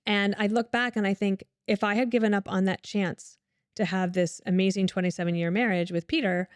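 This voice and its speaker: A woman's voice: medium pitch, brisk, smooth, dry recording. A middle-aged woman from Colorado telling personal stories in an interview, acting out what others said. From Colorado, USA. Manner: animated storyteller who acts out quoted voices. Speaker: guest. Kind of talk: candid storytelling interview.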